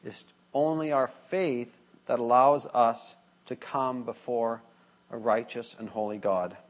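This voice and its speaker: A man's voice: mid-range voice, steady tone, takes it slowly. A man preaching a sermon in a casual, conversational way, acting out a classroom story and joking with the congregation. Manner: conversational, acts out dialogue with students, jokes with congregation. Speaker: pastor.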